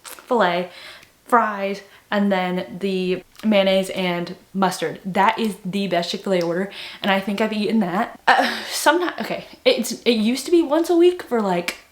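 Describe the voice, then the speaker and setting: A woman's voice: medium pitch, a little slow. Young woman vlogging, rambly and chatty with tons of "like", echoey room. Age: young adult. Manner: chatty, rambling, heavy "like" filler. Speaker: booktuber. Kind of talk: casual vlog chat.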